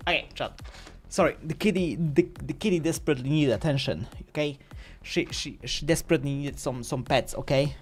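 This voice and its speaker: A man's voice: fairly high pitch, brisk. A man streaming live, chatting casually with his viewers in a playful, rambling way. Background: faint music.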